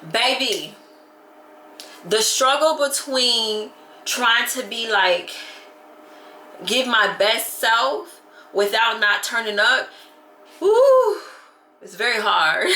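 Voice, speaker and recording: Chatty woman venting, bright and echoey. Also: fairly high pitch, slight background noise. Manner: animated, venting with lots of "baby" and "like". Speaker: vlogger. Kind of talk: casual vlog chat. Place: at home.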